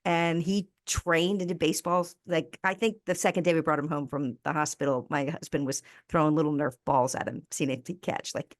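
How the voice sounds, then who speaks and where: A woman in her fifties with an American accent, a podcast guest telling personal stories in an earnest, animated way. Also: low-pitched, a little fast, few pauses, dry recording, clean studio sound. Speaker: podcast guest, resilience speaker. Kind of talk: conversational interview storytelling.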